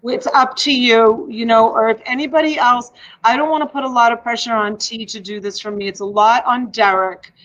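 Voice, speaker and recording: A woman's voice: fairly high pitch, fairly even intonation, a little fast, a bit bright. A woman chatting casually during a live online sale, stumbling and repeating words as she goes. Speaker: livestream seller. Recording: muffled livestream audio.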